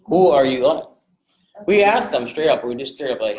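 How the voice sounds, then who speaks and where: A man coaching a group on sales rapport in a casual, energetic way, jumping into quick voices to act out phone calls. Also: medium pitch, echoey room, low-quality recording. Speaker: real estate investing coach.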